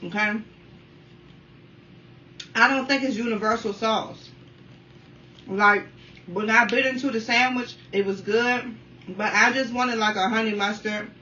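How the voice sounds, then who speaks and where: A woman in her thirties from the Washington, D.C. area, chatting casually while eating on camera at home and keeping up a steady stream of remarks to her viewers. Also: on the high side, unhurried, pauses often. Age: 30s. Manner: talkative, keeps addressing viewers as y'all. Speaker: mukbang vlogger. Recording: dull, slightly distant sound with faint room noise.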